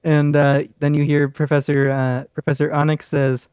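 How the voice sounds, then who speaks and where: Mellow-voiced man rambling as game master. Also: fairly high pitch, level tone, moderate pace, hardly any pauses, smooth, dry recording. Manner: rambling, loose casual narration with many fillers and laughs. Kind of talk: narrating a tabletop game.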